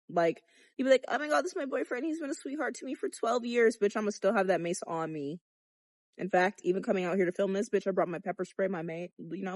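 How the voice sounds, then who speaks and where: A woman's voice: lowish voice, darkish tone, no echo, clean studio sound. A young adult woman filming a candid vlog outdoors, talking bluntly with lots of swearing and jokes. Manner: profane, blunt and joking. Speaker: vlogger. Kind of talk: candid chatty sex-education vlog.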